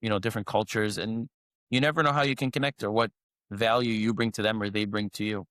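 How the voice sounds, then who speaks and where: Fast-talking and on the low side, this man has a fairly bright, steady tone, recorded at studio quality with no room sound. He co-hosts a podcast, chatting casually through a rambling story heavy with fillers and restarts.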